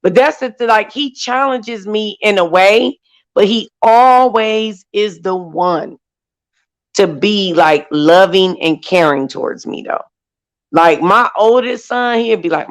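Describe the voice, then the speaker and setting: Animated woman in her forties. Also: medium pitch, slow, low-quality recording. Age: 40s. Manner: animated storytelling, acts out quotes. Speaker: panelist. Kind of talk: casual group chat.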